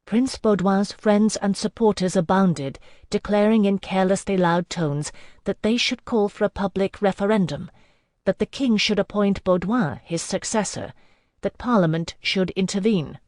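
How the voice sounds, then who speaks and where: An audiobook narrator reading a fantasy novel in measured, first-person storytelling. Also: mid-range voice, a little mellow, dry recording, clean studio sound.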